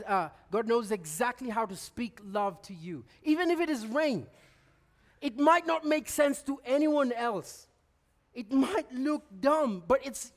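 A man giving a sermon, telling stories with lively restarts and laughter. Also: very high-pitched. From Kenya. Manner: animated storytelling, stammered restarts, bursts of laughter. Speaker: preacher.

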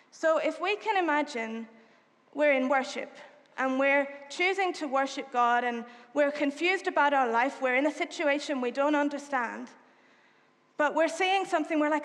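Female preacher, high pitch, casual conversational sermon delivery, reverberant hall sound. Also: normal speed, a bit bright. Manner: conversational, with casual fillers like "like" and "you know". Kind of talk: sermon retelling a Bible story.

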